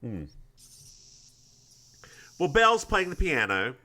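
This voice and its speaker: Lively, bright-voiced man recapping a show. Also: fairly high pitch, slow pace. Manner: animated storyteller, acts out lines with shifting voices. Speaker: podcast co-host. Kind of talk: casual recap chat.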